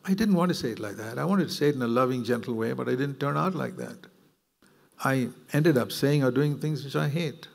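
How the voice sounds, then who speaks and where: A man's voice: mid-range voice, brisk, gravelly. A man preaching a sermon, earnest and reflective, with bursts of emphatic, rising delivery. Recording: long hall reverb.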